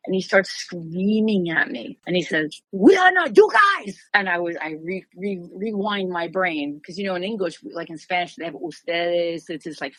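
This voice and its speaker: A woman in her sixties speaks as an interview guest, telling lively stories and jumping into other people's voices as she quotes them. Her voice sits a little low. The recording is dry and close, with no room sound around her. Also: normal speed, hardly any pauses, no room sound, rough recording. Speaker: martial arts master, podcast guest. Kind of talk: storytelling in a conversational interview.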